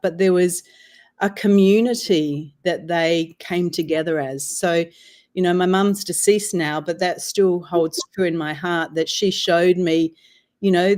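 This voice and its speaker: An Australian woman in her sixties, telling a personal story as a podcast guest in a measured, reflective way. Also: on the low side, darkish tone. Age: 60s. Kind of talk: casual interview storytelling.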